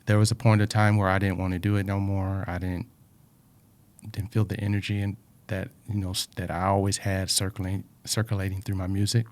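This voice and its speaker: Earnest low-voiced man reflecting. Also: little pitch movement, fairly quick. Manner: earnest, repeats words, soft asides. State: emotional, dry throat. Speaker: speaker sharing life lessons. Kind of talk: reflective personal talk.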